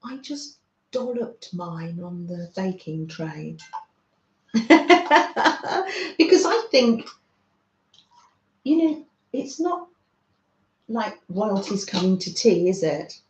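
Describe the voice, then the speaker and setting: A woman's voice: lowish voice, expressive, measured pace, mellow. British woman, livestream host, chatty and leisurely, in a roomy room. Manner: chatty, reads out viewer comments, laughs often. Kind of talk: casual livestream chat.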